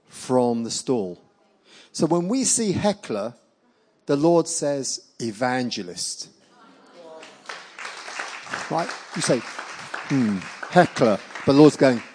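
A middle-aged man preaching, telling healing stories with lively acted-out quotes. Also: mid-range voice. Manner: animated storyteller acting out quoted voices. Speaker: evangelist preacher. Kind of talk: sermon storytelling.

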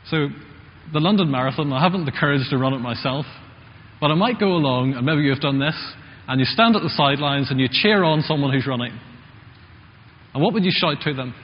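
A man with a slightly high voice and fairly quick delivery preaches a sermon in a church hall, speaking conversationally and putting questions to the congregation. The recording is muffled, with long church reverb.

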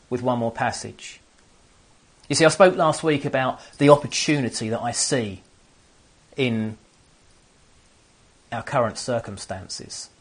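A man's voice: medium pitch, husky. A man preaching a sermon to an empty room, earnest and often restarting his phrases. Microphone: camera on stands.

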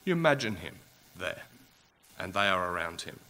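A man's voice: deep voice, sing-song, moderate pace, sharp tone. A man preaching a sermon, asking his listeners rhetorical questions and growing impassioned.

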